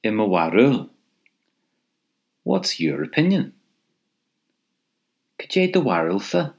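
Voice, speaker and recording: A very animated man with a mid-range voice and vocal fry runs a recorded language lesson. He patiently repeats phrases, pauses for the listener to respond, and chuckles lightly at times.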